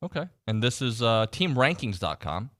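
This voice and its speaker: A man hosting a casual sports talk radio show, animatedly reading out team stats and quizzing his co-host. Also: medium pitch. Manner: animated, reads stats off quickly. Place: radio studio.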